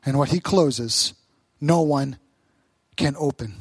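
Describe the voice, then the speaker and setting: A man's voice: mid-range voice, slow, slightly rough, no echo. A man preaching a sermon as pastor, stressing short repeated phrases.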